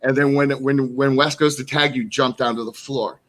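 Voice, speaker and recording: A middle-aged man co-hosting a podcast, telling stories in an animated way and acting out what people said. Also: medium pitch, moderate pace. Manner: animated storyteller who acts out dialogue. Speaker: podcast co-host and wrestler. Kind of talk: casual podcast storytelling.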